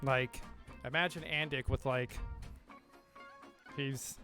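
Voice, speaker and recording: A man with a mid-pitched voice runs a tabletop game. He narrates casually and asks players for rolls in an easy, amused tone. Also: fairly even intonation, slow, pushed and bright, faint music behind. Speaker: game master.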